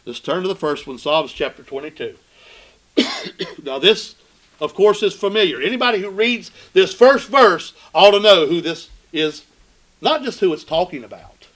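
A man preaching a sermon in a bright, ringing voice that sits a little high. He asks his listeners questions and swings between loud emphatic cries and low, hushed asides. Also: animated, normal speed, rough recording.

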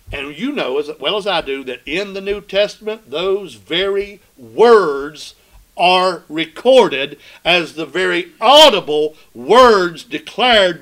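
A man preaches a sermon, asking his listeners questions and swinging between loud, emphatic cries and hushed, low asides. The audio is poor.

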